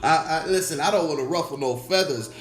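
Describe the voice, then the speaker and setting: A man preaching a sermon as pastor, animated, repeating his questions and acting out the voices of his listeners. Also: fairly high pitch, a little fast. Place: church sanctuary. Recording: echoey church room with music.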